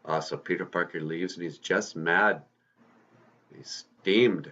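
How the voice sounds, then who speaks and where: A man's voice: low voice, takes it slowly, sharp tone, lo-fi sound. A man host casually retelling a story in a folksy, conversational way, drawing out words for emphasis.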